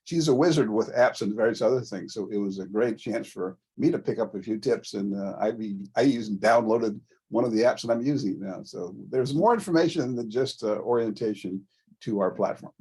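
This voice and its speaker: A man's voice: on the low side, expressive, a little fast, warm tone, husky. A man talking casually in an online meeting as a volunteer presenter, rambling with frequent restarts. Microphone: video call.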